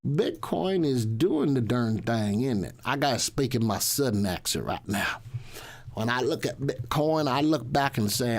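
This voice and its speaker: A man's voice: mid-range voice, very animated, a little slow. Chatty man hosting a market show. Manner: chatty and repetitive, restating lines as he goes. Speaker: host of a stock market show. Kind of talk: casual livestream market commentary.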